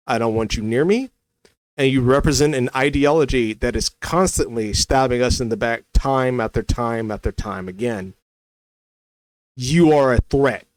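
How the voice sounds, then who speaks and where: A man's voice: medium pitch, no room sound. A man giving a heated, argumentative commentary rant, often repeating himself as he rebuts a critic. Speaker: commentary creator. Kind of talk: ranting commentary to camera.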